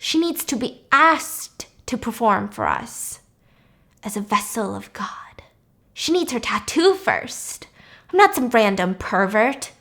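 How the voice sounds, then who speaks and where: A woman's voice: a little high, sing-song, slow pace, gravelly, fairly bright tone, full character voice. A woman playing a manipulative middle-aged male music master, talking smugly and with cold menace. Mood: menacing.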